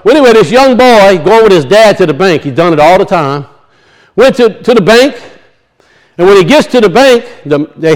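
A male pastor, preaching a sermon in a church and telling a folksy story with frequent chuckles. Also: high-pitched.

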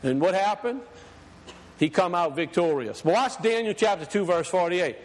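A man preaching a sermon, emphatic, reading scripture slowly and deliberately. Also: sits high, animated, in a large hall.

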